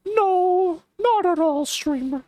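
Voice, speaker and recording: A man putting on a high, whiny voice to mock a nerdy young male viewer. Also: expressive, slow, warm tone, dry recording, heavily acted. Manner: squeaky mocking delivery.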